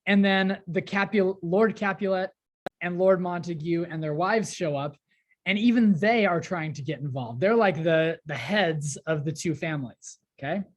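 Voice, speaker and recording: A woman teacher walks through a play in a relaxed, chatty way. She retells the lines in modern slang, and her voice sits low. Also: moderate pace. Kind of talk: casual classroom explanation.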